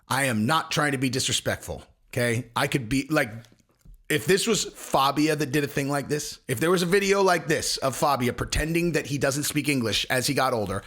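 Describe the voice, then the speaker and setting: A man's voice: mid-range voice, a bit bright. A man ranting casually to camera as an online commentator, rambling and crude, often cutting himself off mid-sentence. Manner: rambling, crude, self-interrupting. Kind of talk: casual video rant.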